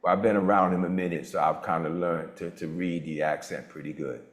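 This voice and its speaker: A man in his sixties hosting a motivational group on a video call, talking with a lively preacher-like cadence. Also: fairly quick, echoey room. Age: 60s. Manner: animated preacher-like cadence, swoops in pitch. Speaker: mastermind group host.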